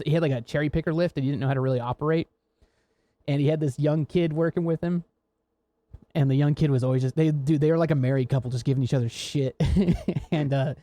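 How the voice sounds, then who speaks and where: A man's voice: on the high side, mellow, no room sound. An American man co-hosting a podcast, telling rambling, laughing, swear-filled work stories in casual chat. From United States. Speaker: podcast co-host.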